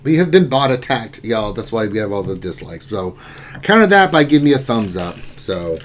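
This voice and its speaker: A man with a lowish, sing-song voice runs an easygoing lunchtime live stream at normal speed, reading viewers' names and messages. He chats loosely and often drifts into softer asides, with slight background noise present.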